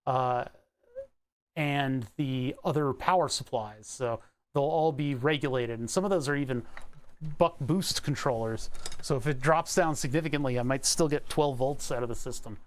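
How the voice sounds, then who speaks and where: A man's voice: mid-range voice, moderate pace. A young man from the Delaware County area of Pennsylvania, talking casually to himself as he works on an electronics build, rambling and playful with words. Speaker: electronics hobbyist vlogger. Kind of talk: casual talk while working.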